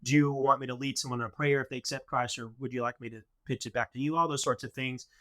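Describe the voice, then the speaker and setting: Man, podcast guest, explains step by step, bright tense tone, medium pitch. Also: fairly even intonation, fast. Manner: explanatory, walks through plans step by step. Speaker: podcast guest, head of a mission organization. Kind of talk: casual podcast conversation.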